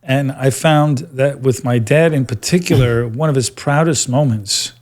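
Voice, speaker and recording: A man's voice: medium pitch, a little mellow. A man hosting an interview podcast, asking questions in a conversational way and often putting in short backchannel sounds. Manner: attentive, with frequent short backchannels. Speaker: podcast host.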